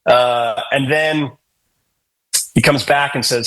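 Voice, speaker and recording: A man's voice: medium pitch, fairly even intonation, slow pace, long pauses, fairly bright tone, poor audio. A middle-aged man, a hardcore singer, telling loose, profane, joking stories as a podcast guest. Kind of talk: casual storytelling interview.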